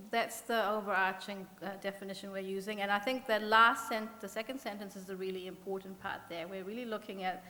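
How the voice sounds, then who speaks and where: A woman with a New Zealand accent, an economist on a symposium panel, delivers a conference talk in a medium-pitched, pushed and bright voice. She's earnest and self-deprecating, often using fillers and restarting sentences. A podium mic captures her in a conference hall with long reverb.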